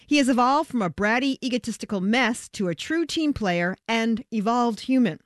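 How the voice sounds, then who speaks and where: A woman's voice: a little high, expressive, normal speed, dry recording. A woman hosting a radio interview in a studio, upbeat and conversational. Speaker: radio host.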